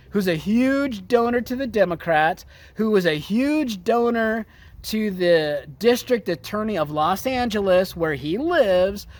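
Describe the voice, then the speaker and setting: A man with a high-pitched voice rants through a commentary monologue, swearing freely and dripping with sarcasm. His delivery jumps from muttering to sudden loud bursts of indignation. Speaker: political commentary host.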